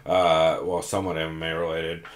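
A man's voice: extremely low pitch, monotone, fairly quick. A young man co-hosting a casual podcast, talking loosely, swearing often and restarting his sentences. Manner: loose and profane, with many fillers and restarts. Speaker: podcast co-host.

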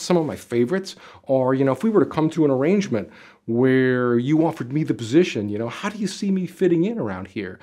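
A man giving job interview advice straight to camera as a career coach, talking in an animated, emphatic way with lots of casual fillers. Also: fairly high pitch. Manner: animated, emphatic, gestures with arms and body; conversational, many "you know" fillers. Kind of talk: direct-to-camera advice video.

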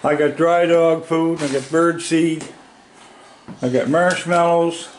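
A man's voice: on the high side, fairly even intonation, slow, a little hiss or hum. Plainspoken older man. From Nova Scotia, Canada. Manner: plainspoken, chatty, talks to the animals in a gentle coaxing voice. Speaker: wildlife vlogger. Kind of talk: casual talk while feeding raccoons. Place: outdoors at his house.

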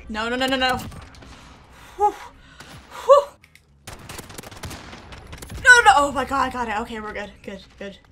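A woman streamer giving excitable, chatty commentary over her own gameplay, often gasping and exclaiming. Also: high-pitched, fast talker, slight background noise. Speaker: gaming streamer. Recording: game music and gunfire behind.

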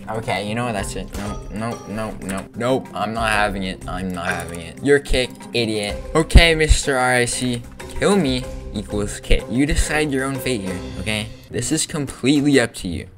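A man giving excitable, playful commentary over gameplay, breaking into sudden loud outbursts. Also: on the low side, normal speed, hardly any pauses, music in the background. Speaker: gaming video creator.

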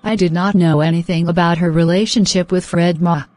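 A woman voicing a flustered young fiancée in an animated drama, sharp-tongued and anxious. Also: lowish voice, a little fast, no echo, close to an everyday voice. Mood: fretful. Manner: exasperated, sharp-tongued, fretful.

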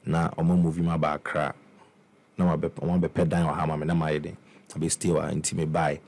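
A young Ghanaian man with a slightly mellow bass voice speaks a little fast in a flat delivery. As a musician guest, he relates his life story casually in English and Twi, with many restarts and repeated words.

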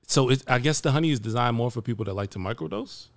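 A man's voice: mid-range voice, animated, fast, vocal fry, no room sound. A man co-hosting a podcast in casual chat, easygoing and dropping dry quips. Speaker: podcast co-host.

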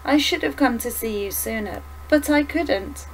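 A woman's voice: fairly high pitch, normal speed, a little hiss or hum, pitched above the performer's own voice, lightly acted, poor audio. Anxious, polite young son, stammering apologies, read by a woman. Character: nervous, shaken young man, apologetic son.

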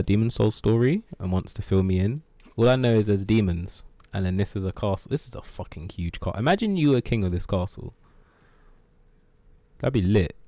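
A man's voice: on the low side, warm tone, no echo. A man streaming a video game live, rambling and swearing as he jokes with his chat. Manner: rambling, profane, joking banter with chat. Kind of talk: live gameplay commentary.

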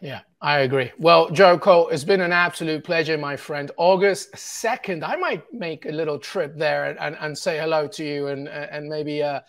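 A man's voice: a little high, normal speed, hardly any pauses, fairly bright tone. A man from New York hosting a football talk show, enthusiastic and bantering with his guest. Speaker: show host.

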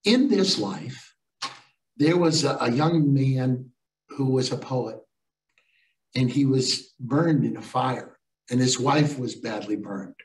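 A man's voice: mid-range voice, takes it slowly, far from the mic. Older man telling stories, roomy echo. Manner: animated, acts out voices in stories. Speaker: storytelling speaker. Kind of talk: motivational storytelling talk.

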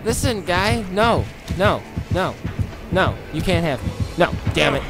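A man with a high voice gives frantic gameplay commentary, begging, cursing and shouting as he tries to escape. Between the chases he talks quietly to his viewers. Loud music plays behind his voice. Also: unhurried. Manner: frantic, pleading and cursing at the killer, shouting in panic; quiet, relaxed asides to viewers. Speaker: gaming channel host.

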